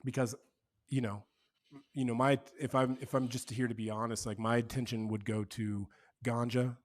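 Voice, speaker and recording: A man's voice: mid-range voice, level tone, normal speed. A man talks as a podcast guest in a mid-range voice, earnest and reflective. His speech is casual and loose, full of fillers.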